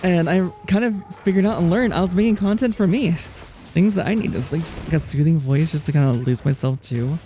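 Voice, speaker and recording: A male streamer with a soothing, relaxing voice, pitched a little high but mellow in tone. He speaks softly and unhurriedly, with a gravelly edge, and faint music plays behind him. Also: a little fast. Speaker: live streamer. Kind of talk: casual chat, answering viewers while gaming.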